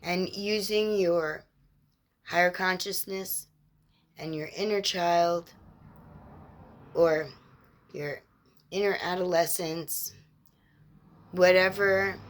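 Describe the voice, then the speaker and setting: Slow, low-voiced woman spiritual mentor. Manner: slow, measured, drawn-out phrasing with lists of words; gentle, reassuring. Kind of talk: inspirational monologue.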